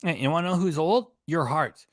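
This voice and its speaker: A man's voice: a little high, a little fast, a bit bright, no echo, clean studio sound. A man hosting a reaction channel, talking over a livestream with mocking, profane, scornful commentary.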